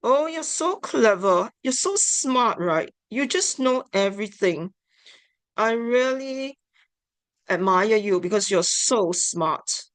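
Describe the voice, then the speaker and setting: A woman's voice: mid-range voice, animated, takes it slowly, voice pushed up. A woman putting on a sarcastic speaker who mockingly praises someone.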